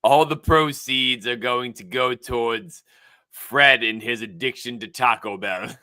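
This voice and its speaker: A man's voice: mid-range voice, unhurried, sharp tone, dry recording. A man co-hosting a casual podcast, trading crude jokes and teasing the others. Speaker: podcast co-host. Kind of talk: casual banter.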